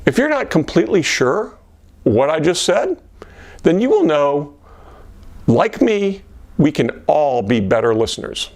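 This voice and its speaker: A man presenting a lesson on communication for systems engineers, acting out the questions he would ask a colleague in a gentler voice. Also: a little high, big pitch swings, measured pace, long pauses. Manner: acts out sample questions in a gentler voice. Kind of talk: instructional talk to camera.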